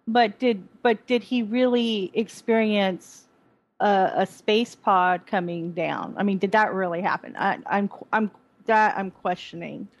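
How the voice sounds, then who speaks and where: A woman's voice: medium pitch, a little slow, poor audio. A woman co-hosting a podcast, chatting casually about a TV episode in a rambling way with many restarts. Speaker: podcast co-host. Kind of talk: casual chat reviewing a TV episode.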